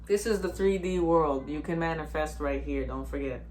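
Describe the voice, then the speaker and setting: Lowish voiced woman ranting self-help, blunt n cursing a lot, faint hum. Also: normal speed, darkish tone. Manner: blunt, profane, emphatic. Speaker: vlogger. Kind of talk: spiritual self-help monologue.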